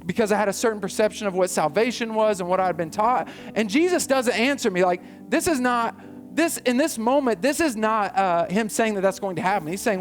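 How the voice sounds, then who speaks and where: A man preaching a sermon as pastor, lively and conversational, acting out quoted voices. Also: sits high, fairly quick, faint music behind.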